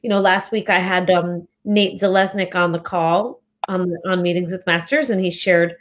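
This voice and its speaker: A woman's voice: on the low side, steady tone, moderate pace. A woman hosting an interview, reacting with sympathy and many exclamations before asking her guest questions. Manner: empathetic, lots of exclamations. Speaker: interview host. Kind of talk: casual interview.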